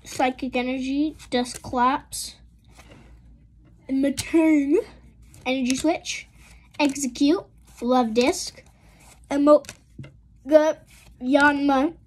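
A woman with a high voice talks slowly through a card unboxing. She reads each card name aloud in a list and breaks into excited exclamations at the good pulls. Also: slight background noise. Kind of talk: casual unboxing commentary.

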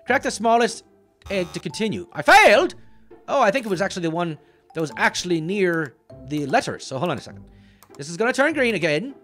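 Man voicing a cartoon leprechaun, boastful, short-tempered, wildly swinging pitch. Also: a bit bright, exaggerated voice. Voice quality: boastful, bouncy, quick to get annoyed. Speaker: let's-play host. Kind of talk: cartoon character game commentary.

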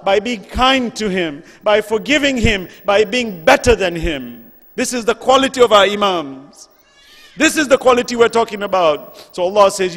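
High-voiced man preaching in a hall. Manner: rises to loud questions, then drops to hushed near-whisper. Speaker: lecturer. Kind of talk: emotional religious lecture.

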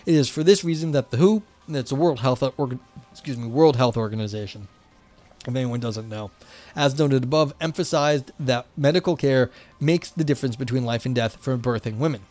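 A man's voice: mid-range voice, a little fast, darkish tone, soft background music. Casual New York man reading and chatting. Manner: reads academic text then chats loosely with many fillers. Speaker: livestream host reading a paper. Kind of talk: casual livestream chat and reading aloud.

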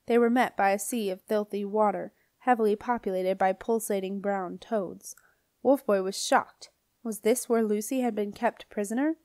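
A woman narrates a children's fantasy audiobook in a steady, clear voice at a middle pitch. The recording is dry and close to the mic. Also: dry recording. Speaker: audiobook reader. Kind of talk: scripted narration.

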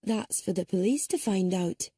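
A woman's voice: mid-range voice, lively intonation, normal speed, dark tone, husky, dry recording, studio quality. A woman voicing a forthright older woman who speaks bluntly and emphatically, with some impatience. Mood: indignant.

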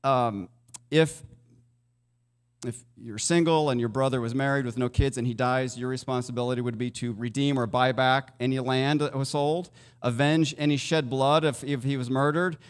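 A pastor with a slightly high voice preaches a sermon in a reverberant church sanctuary, speaking conversationally and asking the congregation questions.

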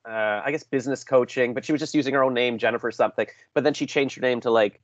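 A man's voice: medium pitch, fast, dry recording. Chatty self-deprecating man on lo-fi audio. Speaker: podcast host. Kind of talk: casual interview chat. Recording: dull lo-fi call audio.

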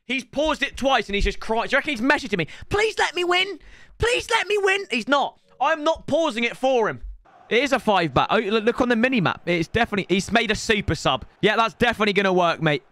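Guy streaming, ranty and fed up, sharp bright voice. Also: high voice, expressive, fast talker. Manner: exasperated, ranting. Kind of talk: live gameplay streaming commentary.

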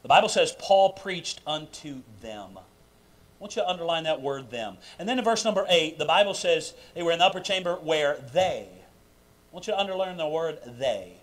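A man preaching a sermon in a church sanctuary, emphatic and full of questions to the congregation, swinging between loud bursts and quiet asides. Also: a little high, animated, moderate pace. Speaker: pastor. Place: church sanctuary during a live service.

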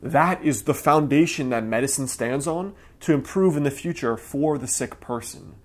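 Guy talking straight to camera, earnest and emphatic, mid-pitched voice. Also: moderate pace. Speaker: acupuncturist and channel host. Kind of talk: direct-to-camera talk.

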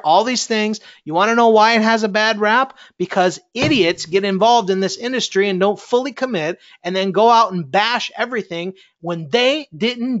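A man's voice: high voice, fairly bright tone, muffled recording. A middle-aged man, a network marketing coach, giving a fiery, preachy motivational talk and challenging his listeners.

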